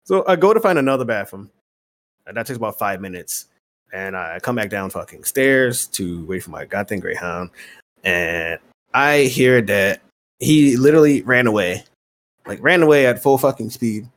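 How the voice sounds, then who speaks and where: A man's voice: lowish voice, moderate pace. A man hosting a podcast, telling a long story in casual chat, swearing freely and acting out both sides of conversations. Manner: profane, animated storyteller acting out exchanges. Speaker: podcast host.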